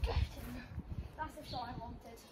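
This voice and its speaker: A breathless young woman chatting and mocking herself while filming outdoors in a garden. Her voice sits high, and the outdoor recording carries a lot of background noise. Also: fairly even intonation, a little slow. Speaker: vlogger. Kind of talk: casual outdoor football vlog.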